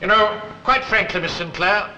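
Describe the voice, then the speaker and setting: An actor playing a pompous, fussy, self-important office clerk in a 1960s British sitcom. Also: male voice, high voice, normal speed, pushed and bright, roomy sound, dull audio, a little hiss or hum. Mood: smarmy. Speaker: Mister Swindley, office underling.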